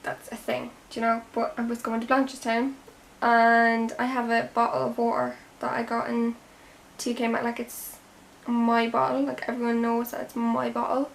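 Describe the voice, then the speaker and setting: A young Irish woman chats away while she does her makeup, rambling from one story to the next and sometimes dropping to a soft half-whisper. Her voice sits a little high with a gravelly fry, and a faint hiss runs behind it. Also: completely flat delivery, moderate pace. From Ireland. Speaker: beauty vlogger. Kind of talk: chatty get-ready-with-me vlog. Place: home room.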